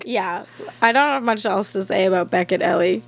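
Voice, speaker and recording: A woman's voice: mid-range voice, normal speed, a little hiss or hum. A woman co-hosting a podcast, chatting casually in crude, joking banter full of swearing. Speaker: podcast co-host. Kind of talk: casual chat.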